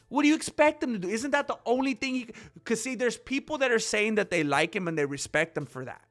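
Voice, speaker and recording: Brief: high, lively male voice, bright and forceful, heated solo commentary host. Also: quick pace, few pauses. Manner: heated, animated, acts out quoted voices.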